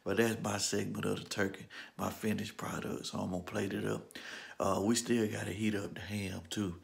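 A man's voice: flat delivery, normal speed, vocal fry. A man filming a casual family vlog in his home kitchen, talking easily to his viewers and keeping his voice down so the house stays asleep. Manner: speaking low to keep from waking the house. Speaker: family vlogger.

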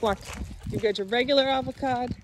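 A woman's voice: on the high side, quick pace. A woman vlogger talking fondly to her animals, teasing and scolding them. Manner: fond scolding pet talk. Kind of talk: talking to pets. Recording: noisy background.

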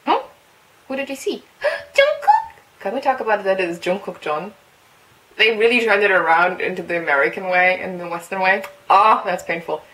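A woman who is not a native English speaker, hosting a casual reaction video and reading along with excited squeals, laughs and musing asides. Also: mid-range voice, a little fast, low-quality recording. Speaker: webtoon reaction host.

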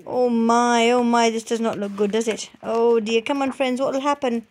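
Expressive mother reading a picture book aloud. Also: fairly high pitch, normal speed, a little hiss or hum. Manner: warm, coaxing and expressive with children. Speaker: parent reading to children.

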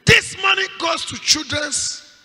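Nigerian man, pastor, fervent vigil prayer, piercing bright shouted voice, long church reverb. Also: very high-pitched, a little slow, soft background music. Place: large church hall at a night vigil.

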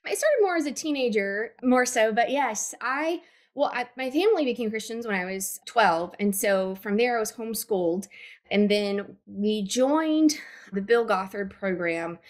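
A woman's voice: fairly high pitch, animated, normal speed. A woman guest in an interview, candidly and earnestly telling her personal story. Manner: candid, earnest, retells scenes in quotes. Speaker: guest, abuse advocacy worker.

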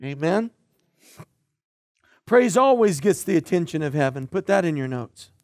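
High-voiced pastor preaching animatedly. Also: male voice, measured pace, dry recording, clean studio sound. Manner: animated storytelling, swinging from loud to hushed. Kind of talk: sermon. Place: church.

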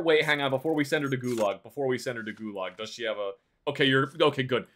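A man's voice: medium pitch, fast talker, fairly bright tone, a little hiss or hum. A man streaming a game live, chatting in a playful, teasing way and bantering like a stern border official.

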